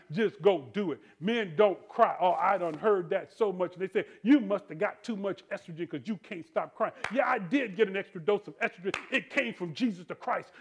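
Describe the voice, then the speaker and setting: A male pastor preaching a sermon in church, calling out to the congregation and swinging between hushed tender asides and shouted refrains. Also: high voice, husky. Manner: preaching with call-and-response, rising to shouts; drops to soft tender voice for quoted lines.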